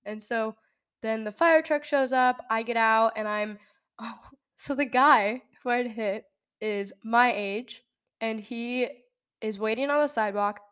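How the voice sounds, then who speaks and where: A young woman with a fairly high voice tells a story on her podcast. She talks casually, laughs often and jumps up in pitch to act out what people said. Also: unhurried, smooth. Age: young adult. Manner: animated, laughs often, acts out quotes in a high voice. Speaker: podcast host.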